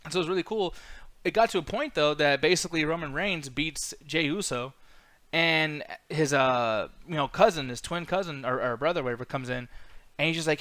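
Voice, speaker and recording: This is a man in his thirties chatting on a live stream, slightly high-pitched and full of fillers and swearing. His voice sits close and dry on the mic, with no room sound at all. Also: fairly quick, pushed and bright, no room sound. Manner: loose, profane, rambling with frequent fillers. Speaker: podcast host. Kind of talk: casual live-stream chat.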